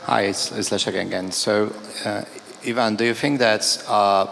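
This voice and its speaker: A man's voice: on the low side, fairly even intonation, normal speed, gravelly, a bit bright. A man from Poland who asks a panel a question, searching for his words and listing points one after another, in a conference hall. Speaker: audience member asking a question. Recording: echoey hall with faint background noise.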